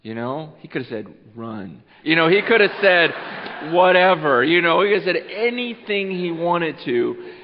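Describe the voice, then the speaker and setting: A man preaching an earnest Christmas Eve sermon. He repeats words as he goes and swings between loud urging and a hushed voice. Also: fairly high pitch, very animated, measured pace, slight background noise. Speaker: pastor. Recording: muffled sound with long hall reverb.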